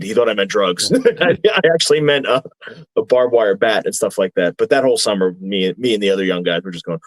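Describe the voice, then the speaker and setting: Rambling wrestler telling stories. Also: male voice, fairly low pitch, expressive, a little fast, dry recording. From New Jersey. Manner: rambling, chuckling anecdotes. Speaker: wrestler guest. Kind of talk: casual podcast storytelling.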